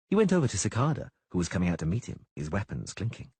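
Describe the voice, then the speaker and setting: Husky male audiobook narrator. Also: deep voice, wildly swooping pitch, fast, a little mellow, dry recording. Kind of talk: scripted narration.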